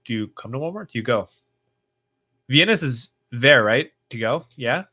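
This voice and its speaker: A man's voice: mid-range voice, animated, normal speed, bright, forceful tone. A man hosting a casual livestream, reading viewer comments aloud and chatting in a rambling way with lots of fillers. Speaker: livestream host.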